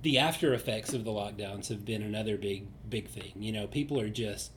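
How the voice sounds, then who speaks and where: A man's voice: lowish voice, brisk, slight background noise. A man, a realtor co-hosting a casual chat in an easygoing, conversational way. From Southeast Tennessee. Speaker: realtor and co-host.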